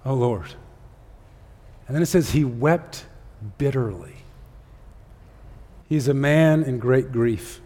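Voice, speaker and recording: Earnest pastor preaching in a reverberant hall. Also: male voice, mid-range voice, a little mellow. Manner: earnest, conversational preaching with pauses and fillers. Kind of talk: sermon. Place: church sanctuary.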